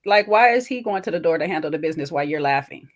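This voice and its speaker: A woman co-hosting a casual recap show, talking in an animated, sassy way and acting out what people said. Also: low-pitched, rapid-fire, over a noisy crowd. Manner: animated, sassy, acts out quotes. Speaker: podcast co-host. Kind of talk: casual reality-TV recap chat.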